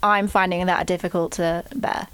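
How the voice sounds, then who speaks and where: A woman's voice: fairly low pitch, level tone, moderate pace, fairly bright tone, clean tone, dry recording. A young British woman co-hosting a podcast, chatting casually with a dry, teasing wit. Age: young adult. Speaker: podcast co-host. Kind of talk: casual chat.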